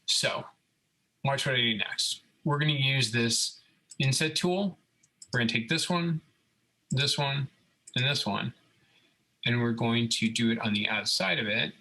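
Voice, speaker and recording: A man's voice: mid-range voice, measured pace, long pauses, poor audio. A man talking through a computer design tutorial step by step, checking in often with listeners. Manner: relaxed step-by-step explaining, frequent "okay?" check-ins. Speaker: robotics instructor. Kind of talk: screen-recorded CAD tutorial.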